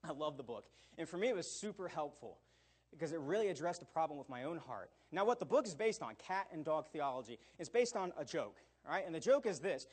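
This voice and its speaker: A man in middle age preaches a sermon in a high voice with a husky, breathy edge. He talks animatedly, acting out quotes and tossing in "all right?" to keep the room with him. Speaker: pastor.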